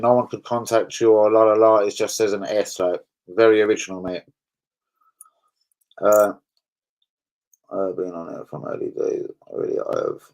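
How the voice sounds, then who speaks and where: A man's voice: medium pitch, darkish tone, poor audio. A man with a London accent hosting a casual livestream, chatting bluntly with his viewers and swearing freely. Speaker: livestream host.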